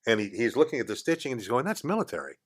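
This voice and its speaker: This older podcast guest has a medium-pitched voice and speaks very fast. He's in a radio studio telling an easygoing story with gusto, voicing each person in it himself.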